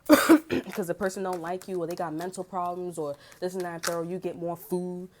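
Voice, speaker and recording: A woman's voice: lowish voice, steady tone, normal speed, a little mellow. Blunt, profane woman talking street slang. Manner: frequent throat clearing. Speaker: tarot reader. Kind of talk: casual unscripted tarot reading monologue.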